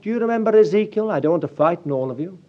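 A man's voice: high-pitched, racing, muffled recording. A man preaching a sermon, telling stories and acting out the people in them. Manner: storytelling, animated, acts out quotes.

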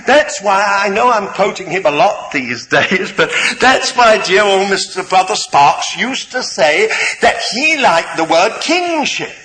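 A man preaching a sermon, deliberate and halting, with many fillers and gentle humour, in a large hall. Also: sits high, very animated. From Britain. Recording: reverberant hall, faint background noise.

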